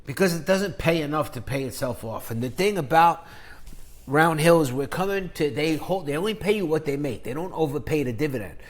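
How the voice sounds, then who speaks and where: Man, shock-jock finance vlogger, higher-pitched, crude, profane, rambling with loud jabs. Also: animated, brisk. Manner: loose, rambling delivery with sudden loud jabs. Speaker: finance YouTuber. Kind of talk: ranting investing vlog.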